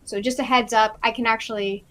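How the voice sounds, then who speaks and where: A woman's voice: fairly high pitch, steady tone, a little fast, pushed and bright, a little hiss or hum. A woman co-hosting a live reading stream, chatting with enthusiasm, laughing often and using many fillers. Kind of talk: casual chat.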